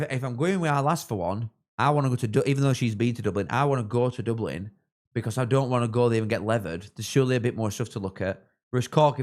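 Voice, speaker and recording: A young man chatting casually on a live football watchalong, rambling and thanking viewers, with sudden excited shouts. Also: medium pitch. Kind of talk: casual live-stream chat with match reactions.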